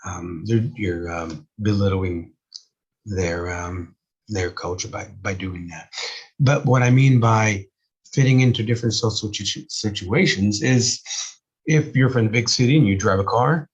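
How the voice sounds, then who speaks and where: His husky voice sits on the low side and moves a little slowly as this man, accented with both Texan and Spanish, lectures informally on camera by himself indoors. He rambles with frequent fillers while his voice gives out, and the camera mic sounds dull.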